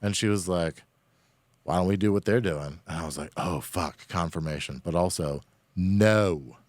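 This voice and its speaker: Man, low voice, casual storytelling, profane, rambling, dry close mic. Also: normal speed, no room sound. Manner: profane, rambling with many fillers. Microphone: studio microphone.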